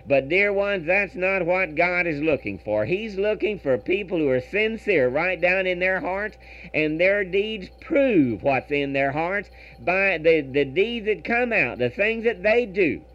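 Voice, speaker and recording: Male radio preacher, earnest, rhythmic scripture reading, lively pitch, dull old broadcast sound. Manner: earnest, reads verse in measured rhythm, repeats words.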